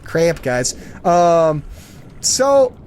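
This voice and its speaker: A man's voice: on the high side, big pitch swings, extremely slow, a little mellow, a little hiss or hum. A man hosting a gaming channel, rambling through a story with lots of fillers while he plays. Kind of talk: casual commentary over gameplay.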